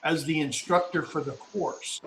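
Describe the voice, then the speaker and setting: A middle-aged man tells a long story at an unhurried pace, slipping into the voices of the people in it. His voice sits a little high, and the room around him rings with echo. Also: steady tone, heavy background noise. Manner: rambling anecdotal, acts out quotes. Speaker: co-host of a live talk show. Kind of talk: casual storytelling chat. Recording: echoey room.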